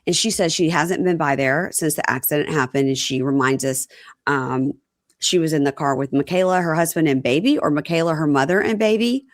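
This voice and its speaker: A woman's voice: low-pitched, fairly quick, dry recording, clean studio sound. A woman co-hosting a podcast, chatting casually as she recaps a reality show and acts out quotes. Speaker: podcast co-host. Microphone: home computer mic over a call.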